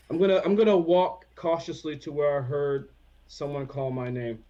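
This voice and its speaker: A man's voice: on the high side, moderate pace, dark tone, highs cut off. A man playing his character in a tabletop game, hesitant and playful, slipping in and out of character. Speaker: player. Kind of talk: tabletop role-play, in and out of character.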